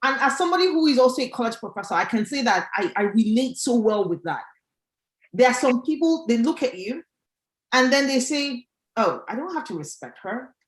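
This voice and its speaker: A woman's voice: fairly high pitch, expressive, brisk, echoey room, low-quality recording. A woman hosting a panel, responding by agreeing and relating her own experience. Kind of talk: panel discussion.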